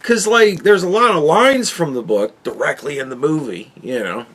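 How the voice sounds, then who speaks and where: A man's voice: a little high, moderate pace, a bit bright, breathy edge. A man hosting a podcast, ranting in a casual and profane way, with exasperated outbursts and laughs. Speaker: podcast host reviewing a book.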